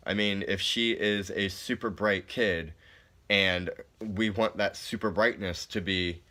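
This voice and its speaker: Brief: male presenter, lowish, bright edge, casual explainer working through a court case. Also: fairly even intonation, a little slow. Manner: casual, many fillers, explains plainly. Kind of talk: recorded slide presentation, reading legal definitions aloud.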